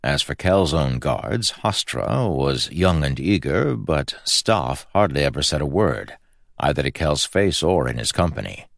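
A man narrating a fantasy novel in a measured, even storytelling manner. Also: very deep voice, creaky, no echo, studio quality. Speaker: audiobook narrator. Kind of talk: scripted narration.

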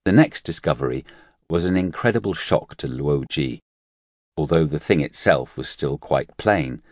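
Male audiobook narrator, deep low register, measured and steady, dry booth sound. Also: no echo. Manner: measured, even storytelling.

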